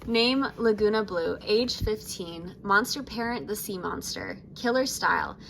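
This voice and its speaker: A woman's voice: medium pitch, measured pace, creaky, fairly bright tone, slight background noise, poor audio. Lagoona, a woman putting on a chill surfer sea-monster girl. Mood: breezy. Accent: put-on mix of British, Australian and American. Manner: breezy, chill beach talk. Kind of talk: reading a character diary aloud.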